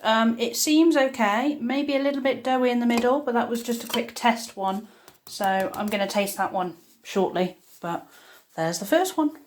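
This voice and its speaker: A woman's voice: on the high side, normal speed, a little hiss or hum. Chatty woman vlogging her home baking. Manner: chatty, upbeat, talks while cooking. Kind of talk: casual cooking vlog. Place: home kitchen.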